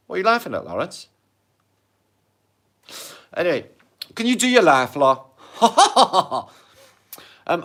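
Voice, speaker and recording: A British man hosts a casual livestream, talking straight to his viewers as he reads their comments. His voice is lively, rising and falling a lot. He chats in a jokey, sweary way and swings between loud and hushed. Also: mid-range voice. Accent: British English. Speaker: livestream host.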